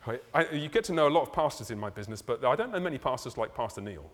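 A man preaching a sermon in a church, conversational and animated, with laughs and asides. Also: medium pitch, quick pace. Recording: reverberant hall.

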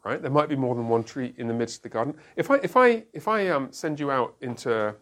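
A man's voice: mid-range voice, lively intonation, fairly quick, fairly bright tone. A man leading a Bible study group. He asks the group questions and explains each point step by step, using everyday examples.

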